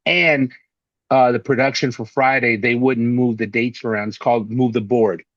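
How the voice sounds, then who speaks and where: A man telling stories in an interview, lively and chatty, and he slips into other people's voices as he quotes them. His voice sits in a middling pitch. The audio is dull and dry, with no room sound. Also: moderate pace, no room sound. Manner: animated anecdotes, acts out quoted voices. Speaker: actor and interview guest. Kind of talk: casual storytelling interview.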